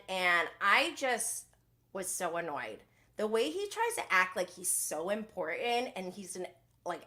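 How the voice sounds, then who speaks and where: A woman hosting a casual live recap show, chatting in an animated, gossipy way and reading viewer comments aloud. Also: mid-range voice. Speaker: podcast host.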